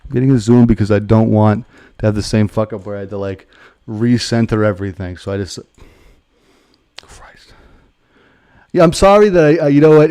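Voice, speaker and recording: Excitable swearing male streamer, mellow voice. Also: lowish voice, normal speed, long pauses, smooth. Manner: excitable, profane, mock-dramatic rants. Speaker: streamer host. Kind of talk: casual livestream chat while gaming.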